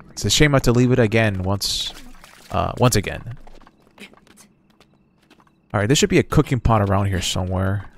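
A young man giving casual, excitable gameplay commentary as a streamer, chatty and slangy, reading game text aloud. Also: on the low side, normal speed, creaky, long pauses. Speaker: gaming streamer.

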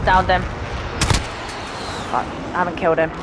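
A woman playing a shooter game with friends, excitable, swearing and laughing a lot in casual chat. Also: lowish voice, moderate pace, very noisy. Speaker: gamer streamer. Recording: with loud game music.

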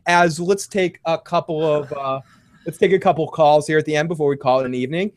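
An excitable male podcast host with a high voice, rambling through a casual recap and swearing freely. The sound is dry and close, with no room around it. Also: fairly quick, no room sound. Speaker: podcast host taking calls.

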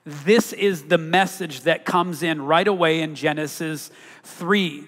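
A man preaching to a congregation, his fairly high voice climbing and pushing on the words he wants to land. He keeps turning to the room with questions. A long hall reverb trails behind every line. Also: slow, fairly bright tone. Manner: emphatic, rising on key words, asks the congregation questions. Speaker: pastor. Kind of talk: sermon. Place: church sanctuary.

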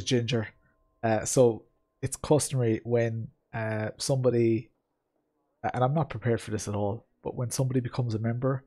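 A man's voice: medium pitch, warm tone. A man streaming a rally sim, chatting to his viewers in a loose, rambling way. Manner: chatty, rambling, full of fillers and asides to chat. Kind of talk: live-stream gameplay commentary.

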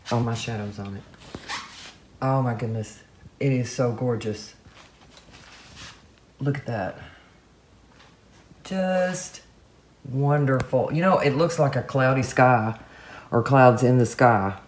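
A woman's voice: a bass voice, lively intonation, slow pace, long pauses, darkish tone, a little hiss or hum. Gushing woman crafter talking to camera. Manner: gushing, keeps exclaiming with delight. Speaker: craft artist showing her paint pour. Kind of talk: casual talk to camera while crafting. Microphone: camera mic, camera moved by hand at times.

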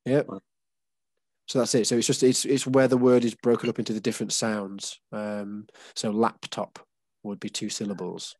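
A man's voice: on the low side, flat delivery, moderate pace, darkish tone, no echo. An English man leading a casual group session, explaining patiently with many fillers and restarts. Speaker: workshop leader.

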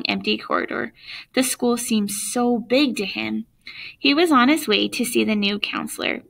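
A woman teacher reading a children's book aloud to students, expressive, with chatty asides to her listeners. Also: a little high, vocal fry.

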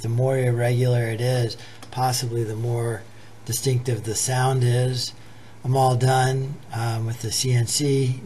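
Gravelly-voiced man explaining his woodwork. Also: medium pitch, a little hiss or hum. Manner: relaxed, thinks aloud while working. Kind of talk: casual explanation of his project.

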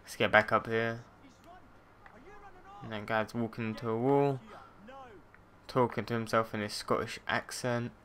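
A man's voice: medium pitch, flat delivery, unhurried, long pauses, pushed and bright. A young man commentating on his gameplay, muttering and swearing at the game in frustration. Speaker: let's play gamer.

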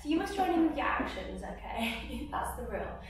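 A woman's voice: sits high, very animated, normal speed. A woman leading an online group singing lesson, cheerful and chatty, laughing as she sings and claps along. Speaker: music session leader. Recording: echoey room, from far off the mic.

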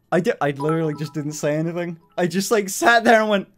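A young man chats on a stream, excited and profane, full of "like". His voice sits a little high. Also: fast talker, few pauses. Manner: excitable, swearing, lots of "like". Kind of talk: casual stream chat.

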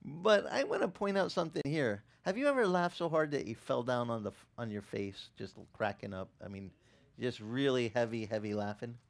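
A middle-aged male pastor delivers a sermon with lively, swinging pitch. He acts out the quotes and breaks into laughter as he tells the story. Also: fairly quick, gravelly.

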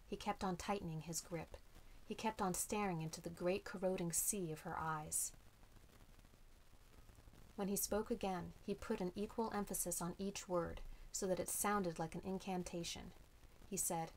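A woman narrating a storybook in a steady, measured reading voice. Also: fairly low pitch, slight background noise, rough recording. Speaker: audiobook reader.

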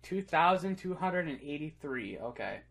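A man's voice: a little high, big pitch swings, moderate pace, vocal fry, fairly bright tone. A young man casually commentating a game on a livestream, swearing freely and calling his viewers dude and guys. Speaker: streamer. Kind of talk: excited gaming livestream commentary.

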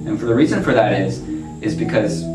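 A man's voice: on the low side, brisk. A man acting as a music teacher, patiently explaining an exercise and singing syllables in rhythm. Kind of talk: instructional demonstration. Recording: roomy echo, mic at a distance, violin playing.

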